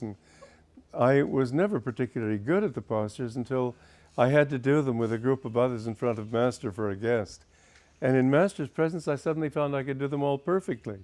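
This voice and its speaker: A man's voice: medium pitch, a little mellow. An older man, a spiritual teacher, telling wry anecdotes from his past to an audience and laughing at his own stories. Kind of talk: reminiscing talk to an audience.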